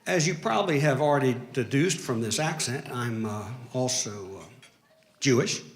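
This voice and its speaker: Alabama-accented man doing stand-up, lively. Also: mid-range voice, normal speed, reverberant. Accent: Southern US (Alabama). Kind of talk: stand-up comedy set. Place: comedy stage before a live audience.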